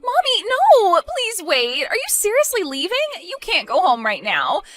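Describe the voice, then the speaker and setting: A spoiled young bride, petulant and whiny, who pleads when she gets scared, as a woman acts her out. Her voice sits high and leaps around a lot. Soft music plays faintly underneath. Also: huge pitch swings, normal speed, dry recording, exaggerated voice. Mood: pleading.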